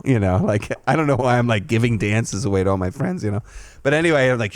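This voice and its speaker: Chatting casually on his podcast, this man spins a long tale full of free swearing, his voice shooting up loud and high when he quotes himself. He's expressive and quick, recorded dry with clean studio sound.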